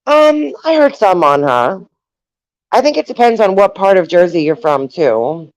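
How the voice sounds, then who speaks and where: A woman's voice: mid-range voice, expressive, measured pace, a little mellow, dry recording, highs cut off. A woman with a New York accent hosting a casual chat, talking loosely with lots of fillers and frequent laughs. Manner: chatty, laughs often, trails off with fillers. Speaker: host.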